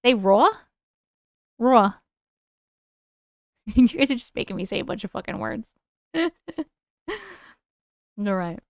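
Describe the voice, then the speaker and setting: A woman's voice: mid-range voice, lively intonation, measured pace, vocal fry, pauses often, dry recording, studio quality. A woman with a New York accent hosting a livestream, reading viewer stories aloud and chatting casually, swearing freely and laughing often. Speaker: livestream host.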